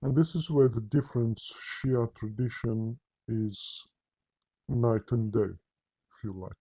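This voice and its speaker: A man's voice: mid-range voice, fairly even intonation, takes it slowly, warm tone, breathy edge, rough recording. A man giving a confrontational religious commentary, addressing listeners directly with emphatic, repetitive phrasing and frequent restarts. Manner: frequent restarts and repeated words. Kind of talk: polemical monologue to camera.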